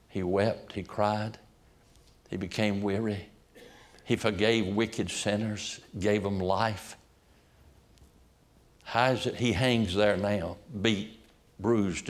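A man preaching a sermon as a pastor, reciting long passages of scripture and building to impassioned peaks. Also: on the low side.

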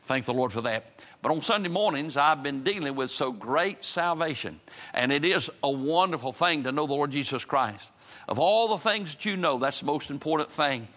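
A man's voice: on the high side, expressive, moderate pace, fairly bright tone. A man preaching a sermon, moving from folksy storytelling to fervent preaching and prayer. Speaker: pastor.

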